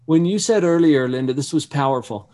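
A man hosts a conversational interview with a slightly higher-pitched voice. He reflects his guest's points back to her and draws her out with affirming, thoughtful questions. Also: animated, a little fast, darkish tone. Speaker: interview host.

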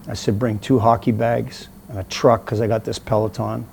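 A man's voice: fairly low pitch, normal speed, creaky, a little hiss or hum. A middle-aged man, an interview guest, telling a story casually and acting out the voices of the people in it. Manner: animated storyteller, acts out quoted voices.

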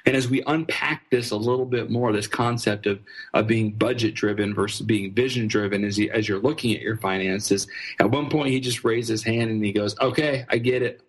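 Husky, earnest male storyteller. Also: on the low side, a little fast. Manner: earnest, animated storyteller with frequent restarts. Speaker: ministry fundraising trainer, guest. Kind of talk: conversational storytelling interview.

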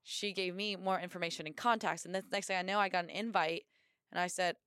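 A young American woman talks in a casual podcast interview, her voice smooth and resonant and set a little low. She tells stories with bright energy and slips into voices when she quotes people. The sound is dry and close, with no room echo. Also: fast. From United States. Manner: energetic, upbeat storyteller who acts out quotes. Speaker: guest, Marine officer and bobsled athlete.

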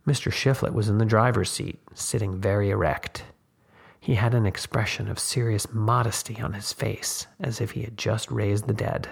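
A man reads a short story aloud in a measured, deliberate way. His voice is low and gravelly, with a husky edge. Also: steady tone. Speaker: narrator. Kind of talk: story reading.

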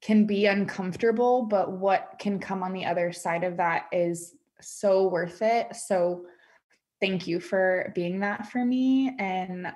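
A woman's voice: medium pitch, slow pace, a little mellow. A woman, a former client appearing as a podcast guest over a video call, speaking in an effusive way and filling her talk with "like". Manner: effusive, says "like" often. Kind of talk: casual conversation.

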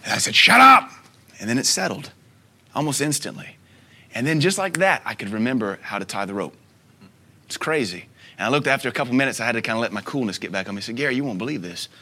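A man in his thirties preaching a sermon as a pastor, telling stories with soft asides and sudden loud bursts. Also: medium pitch. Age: 30s.

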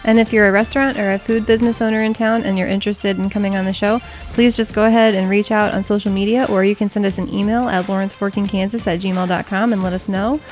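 A woman's voice: mid-range voice, fairly even intonation, fast talker, hardly any pauses, darkish tone, soft background music. A woman co-hosting a local food podcast, thanking a guest and reading the sign-off. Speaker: podcast co-host. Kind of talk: podcast interview and outro.

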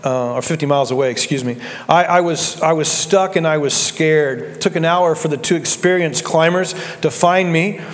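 A man preaches from the pulpit, his somewhat high voice carried by a long church reverb. He tells stories in a folksy manner and slows down for emphasis. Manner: folksy storytelling with slow, deliberate emphasis. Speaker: pastor. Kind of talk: sermon.

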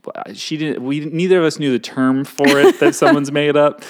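A man's voice: fairly high pitch, steady tone, moderate pace. A young man co-hosting a casual chat, rambling and self-deprecating, laughing often.

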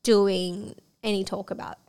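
A woman's voice: mid-range voice, little pitch movement, a little mellow, clean tone. A woman co-hosting a podcast, chatting casually and laughing often as she retells stories with acted-out quotes. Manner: giggly, quick storyteller acting out quotes. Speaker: podcast co-host. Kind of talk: casual chat.

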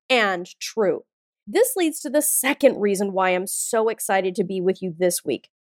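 Speaking in a mid-range voice, a woman in her forties runs a motivational podcast, and her delivery is punchy, blunt and emphatic, peppered with swearing. There's no room sound; the studio audio is dry, with faint music behind her.

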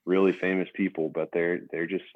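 A young adult man, a former pro basketball player, telling stories as a guest in a relaxed casual podcast interview, over a tinny phone-like line. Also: sits low, brisk, no room sound. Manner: relaxed storytelling with fillers.

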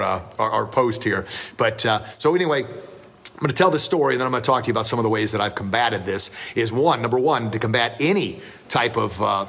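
A man's voice: mid-range voice, gravelly, fairly bright tone. A man in his fifties hosting a podcast as a martial arts instructor, telling stories in a joking, self-deprecating, folksy way. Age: 50s. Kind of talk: casual storytelling podcast.

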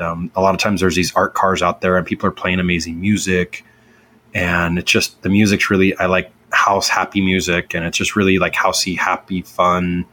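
Low, flat-voiced man telling a story. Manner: earnest, rambling, with many fillers and restarts. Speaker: podcast host. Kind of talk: personal storytelling.

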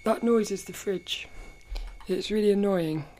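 A woman's voice: mid-range voice, measured pace, mellow, slight background noise. A woman hosting her own podcast in casual solo chat, rambling and stopping to restart her sentences. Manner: rambling, stop-start, self-correcting. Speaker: podcast host.

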